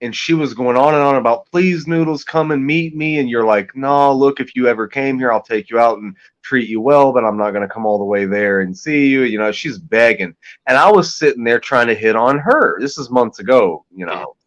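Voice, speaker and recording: A man's voice: mid-range voice, a little fast, lo-fi sound. A man chatting on a livestream, telling crude stories in a rambling, casual way. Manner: rambling, crude, drops into quoted voices. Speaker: livestream co-host.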